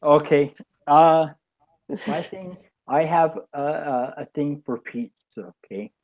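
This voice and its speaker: A man chatting casually in a group call, halting and loose, with many fillers and swearing. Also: on the high side, darkish tone, dull audio. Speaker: regular on a chat show.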